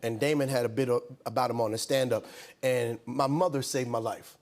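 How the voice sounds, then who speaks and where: Before a live studio audience, a comedian in his fifties guests on a late-night talk show, animatedly recounting funny stories while impersonating the people in them and chuckling along. He speaks briskly in a mid-range, slightly mellow voice with fairly even intonation.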